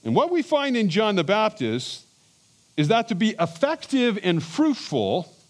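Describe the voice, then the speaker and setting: A man preaching an expository sermon as a pastor, emphatic and animated, with chuckles and restarts. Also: high-pitched.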